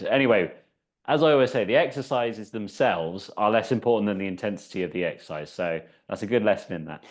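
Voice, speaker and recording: A man leading a seated exercise class as the instructor, chatty and encouraging, counting down each round. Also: lowish voice. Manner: chatty, encouraging, counts down out loud, laughs at himself. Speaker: fitness instructor.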